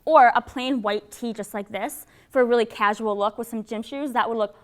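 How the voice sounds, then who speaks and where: A woman's voice: a little high, normal speed. A young woman giving casual, chatty fashion tips on a student talk show. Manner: chatty and explaining. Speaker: fashion guest.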